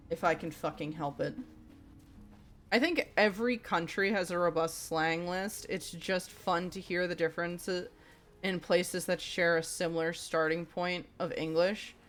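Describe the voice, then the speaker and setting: A woman livestreaming a game, chatting casually with her viewers, swearing often and reacting loudly as she plays. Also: fairly low pitch, fairly even intonation, unhurried. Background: faint game music.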